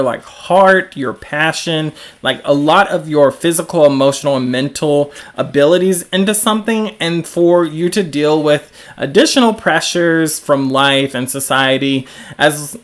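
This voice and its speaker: A host with a Southern US accent talking through a live stream in an easygoing, rambling way. The voice sits at a middle pitch and leans on "like" as a filler, stopping now and then to answer viewer comments. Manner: frequent "like" fillers.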